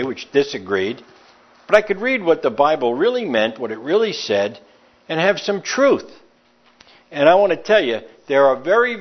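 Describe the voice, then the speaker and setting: A man preaching an emphatic sermon, reading scripture aloud and explaining it verse by verse. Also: on the high side. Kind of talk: Bible teaching sermon. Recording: slightly dull lo-fi recording.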